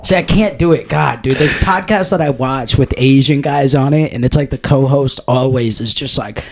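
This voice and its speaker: A man's voice: mid-range voice, moderate pace, slight background noise. A man co-hosting a podcast in casual chat, talking in a profane, rambling, jokey way. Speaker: podcast co-host.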